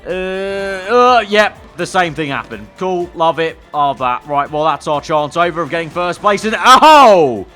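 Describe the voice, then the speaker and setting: A man's voice: a little high, normal speed, few pauses, sharp tone, faint music behind. A man, a gaming channel host, giving sarcastic, rambling gameplay commentary.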